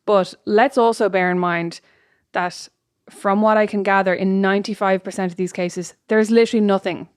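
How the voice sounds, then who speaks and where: A woman's voice: medium pitch, steady tone, moderate pace, few pauses, smooth, dry recording, clean studio sound. A pregnant woman with an Irish accent co-hosting a podcast in casual chat, joking and laughing often. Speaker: podcast co-host.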